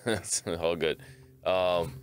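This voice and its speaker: A man in a casual talk-show chat, easygoing and low-key. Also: fairly even intonation, extremely slow, slight background noise. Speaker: guest.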